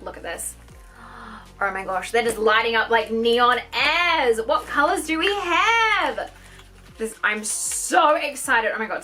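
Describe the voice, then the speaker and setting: A young woman gushing and gasping her way through an excited makeup unboxing vlog. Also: medium pitch. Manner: gushing, gasping, exclaims constantly. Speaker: beauty vlogger.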